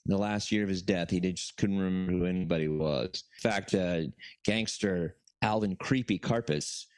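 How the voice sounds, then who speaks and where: A man's voice: deep voice, moderate pace, a little mellow, no echo. Rambling, profane male podcast storyteller. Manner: rambling, profane, lots of fillers and restarts. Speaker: podcast co-host. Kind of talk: casual comedic storytelling.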